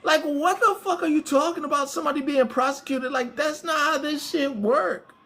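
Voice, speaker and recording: A woman's voice: high voice, moderate pace, a bit bright. A woman hosting a livestream, ranting at her chat and trolls in a casual, profane way and laughing often. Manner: profane, laughing, talks straight back to trolls. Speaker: livestream host.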